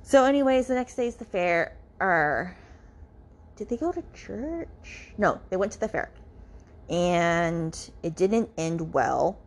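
A woman's voice: fairly low pitch, lively intonation, takes it slowly. A woman hosting a book podcast, recapping a novel in a chatty, filler-heavy way with casual swearing. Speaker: podcast host reviewing a novel.

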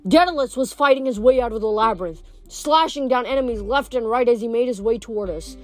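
A woman reading a novel aloud, steady but with small slips she corrects as she goes. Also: a little high, fairly quick, soft background music. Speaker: reader.

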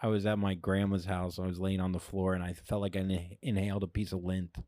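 A man's voice: deep voice, flat delivery, quick pace, mellow, dry recording, clean studio sound. A young man co-hosting a comedy podcast, telling a rambling story in casual chat, laughing often and acting out his own lines. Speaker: podcast co-host.

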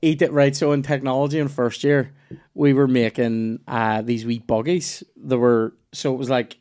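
A man's voice: mid-range voice, fairly even intonation, normal speed, darkish tone. A Northern Irish man telling loose, rambling stories in casual podcast chat, with restarts and swearing.

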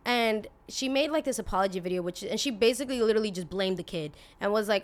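A woman's voice: medium pitch, fast talker, few pauses. A woman in her twenties hosting a podcast, talking in a blunt, indignant, casual way, full of "like" and the odd swear word. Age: 20s. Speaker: podcast host. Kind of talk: casual opinion podcast monologue.

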